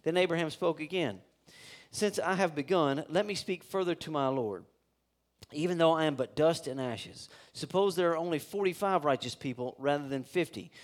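A man's voice: fairly high pitch, normal speed. A man preaching a sermon, reading scripture aloud and breaking off into casual asides to his listeners. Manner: conversational, with restarts and asides to the congregation. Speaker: pastor.

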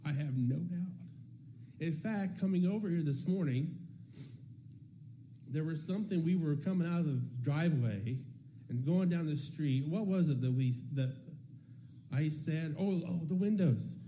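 A man's voice: on the high side, unhurried, mellow, a little hiss or hum. A man sharing a personal testimony in church, telling the story casually and acting out bits of dialogue.

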